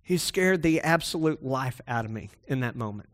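A man's voice: medium pitch, expressive, moderate pace. A man preaching a sermon that starts as a personal story and builds to emphatic exhortation, speaking to a room that is also streamed online.

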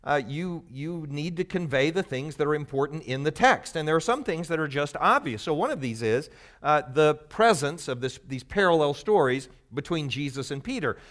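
A man's voice: a little high, lively intonation, normal speed, fairly bright tone. A man giving a conversational, explanatory Bible teaching to a live group, teasing the audience now and then.

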